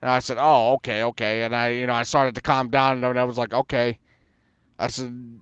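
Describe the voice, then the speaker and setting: A man's voice: medium pitch, little pitch movement, normal speed, fairly bright tone, clean tone, no echo, muffled recording. A man telling a long story in casual chat, rambling with many fillers and frequent swearing. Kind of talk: casual storytelling on an open voice panel.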